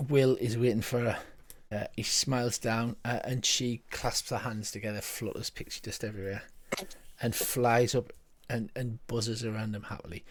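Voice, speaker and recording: Man running a tabletop game. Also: mid-range voice. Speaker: game master.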